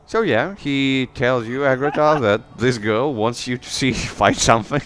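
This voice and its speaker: A man's voice: mid-range voice, unhurried, a bit bright. A man running a tabletop role-playing game as game master, patiently explaining the rules and narrating events.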